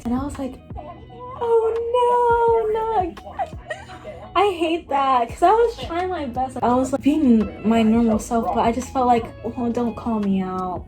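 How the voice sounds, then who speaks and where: A young woman in her late teens from Miami telling a rambling, casual storytime, full of "like" and acted-out quotes of other people. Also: sits high. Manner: rambling, lots of "like", acts out others' lines. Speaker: vlogger. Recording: music playing behind her.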